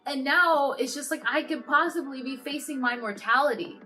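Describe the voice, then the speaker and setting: A woman in her twenties telling a personal story to camera in a halting, earnest way, often stopping and restarting her sentences. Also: high voice, sharp tone, faint music behind. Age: 20s. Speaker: vlogger.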